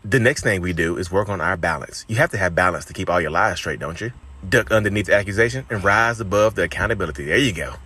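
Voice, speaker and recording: Brief: a man playing a smug toxic guy leading a workout in a comedy sketch, fast sing-song instructor patter, pitched a little low. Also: lively intonation, pushed and bright, slightly rough, full character voice. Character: smug toxic male narcissist doing a workout tutorial. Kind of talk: comedic short video sketch.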